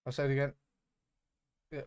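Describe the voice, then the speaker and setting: A man streaming a live watch-along of a football match, reacting with excitable, sweary outbursts. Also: mid-range voice, brisk, clear, resonant tone.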